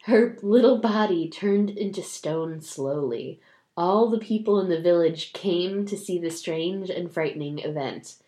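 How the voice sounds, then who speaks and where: A woman's voice: on the low side, a little slow, dark tone. A woman casually reading a folk tale aloud as a podcast host, breaking off to joke and laugh. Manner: reads a story aloud, laughing and joking in asides. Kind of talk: casual storytelling with banter. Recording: roomy echo.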